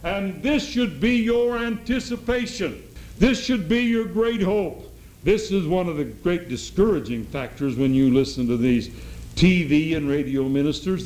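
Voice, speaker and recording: A man preaching a sermon at an unhurried, deliberate pace. His voice sits a little high for a man, and he reads scripture aloud with slow, earnest emphasis. A faint hiss sits behind him. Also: darkish tone, rough recording.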